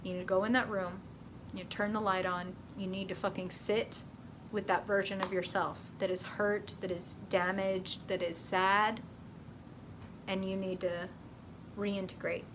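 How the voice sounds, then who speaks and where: A woman giving a live tarot reading, blunt and profane, talking casually and getting animated as she goes. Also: medium pitch, measured pace, noisy background. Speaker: tarot reader.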